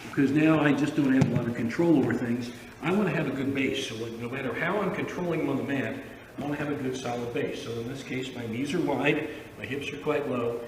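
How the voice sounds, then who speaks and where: Judo coach explaining step by step. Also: male voice, medium pitch, a little hiss or hum. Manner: explains step by step, checks in with frequent "okay?". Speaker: judo instructor. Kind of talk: instructional demonstration. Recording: echoey hall, far from the mic.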